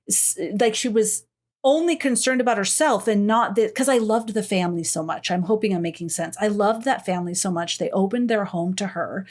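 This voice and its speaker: A middle-aged woman co-hosting a podcast, chatting casually and animatedly, swearing freely and acting out her own reactions. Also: medium pitch. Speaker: podcast co-host. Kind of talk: casual chat.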